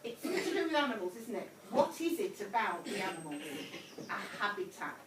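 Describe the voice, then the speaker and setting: A woman's voice: medium pitch, very animated, moderate pace, heavy background noise. A woman teaching a primary class, encouraging and repeating her prompts, calling pupils sweetheart. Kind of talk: whole-class phonics lesson. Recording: echoey classroom from far off.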